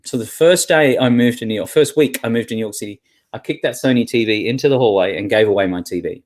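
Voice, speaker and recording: A man's voice: medium pitch, darkish tone. Irreverent man giving a talk. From Australia. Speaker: keynote speaker. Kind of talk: conference talk.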